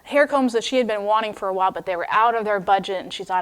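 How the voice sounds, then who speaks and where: A young woman preaching a sermon, retelling a story in a lively, expressive, chatty way. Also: medium pitch, quick pace, clean tone.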